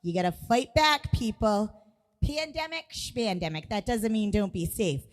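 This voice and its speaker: A woman's voice: mid-range voice, lively intonation, normal speed, long reverb tail. A woman hosting a live music stream, chatting casually and rambling with frequent restarts.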